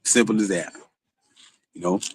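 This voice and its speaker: A man's voice: lowish voice, fairly even intonation, unhurried, slightly rough. A man from Florida, hosting his own stream in a rambling, cussing monologue full of "you know"s. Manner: rambling, swears often, many "you know"s. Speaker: streaming show host. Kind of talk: casual monologue.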